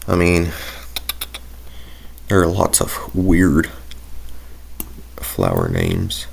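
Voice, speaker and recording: Young male gamer, deep voice with heavy fry, loose rambling commentary, thinks out loud. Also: sing-song, drawn-out words. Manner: rambling, drifts into tangents and talks to himself. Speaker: gaming video creator. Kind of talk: casual gameplay commentary.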